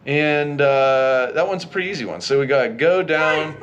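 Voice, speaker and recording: A man's voice: a little high, normal speed, fairly bright tone, highs cut off. Chatty man narrating gameplay. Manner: chatty, exasperated, exclaims at failures. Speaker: gameplay walkthrough host. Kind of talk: casual gameplay commentary.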